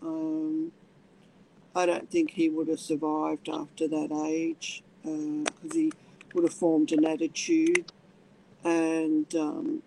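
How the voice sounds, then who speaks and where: A middle-aged woman, telling her personal story in halting speech with many restarts. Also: deep voice, gravelly, dark tone, slight background noise, rough recording. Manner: halting, many restarts, acts out voices in quotes. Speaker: interviewee.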